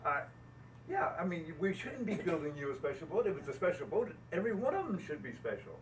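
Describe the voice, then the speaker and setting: Very animated and a little quick, an older American man with a fairly high voice entertains an owners' gathering with folksy boat-building stories, chuckling at his own expense. He's far from the mic, and the low-quality recording carries faint ambience plus some hiss or hum.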